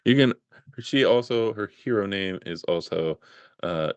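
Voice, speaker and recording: A man with a very low voice talks casually on a podcast, joking and swearing, and his pitch swings in a lively way. The sound is dry and close to the mic. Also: unhurried, clear, resonant tone, no room sound, dull audio. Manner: joking, profane, animated. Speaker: podcast co-host.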